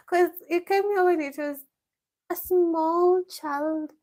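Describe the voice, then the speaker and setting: A woman's voice: very high-pitched, steady tone, very slow, a little mellow. A woman answering viewer questions in a casual live stream from a village home, reading each question aloud and then answering, laughing often.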